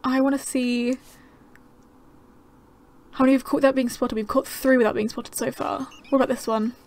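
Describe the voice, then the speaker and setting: A young woman giving casual, excitable gameplay commentary, gasping and chattering to the creatures on screen. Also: sits high, normal speed. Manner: bubbly, gasping, easily excited. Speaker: gaming channel host.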